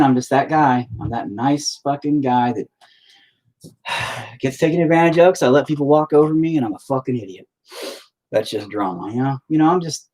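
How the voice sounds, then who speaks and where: Husky man ranting profanely on a livestream. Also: mid-range voice, a little mellow. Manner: profane, candid, self-deprecating. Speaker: artist livestreaming while painting. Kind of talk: casual rambling chat. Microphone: laptop mic on a live stream.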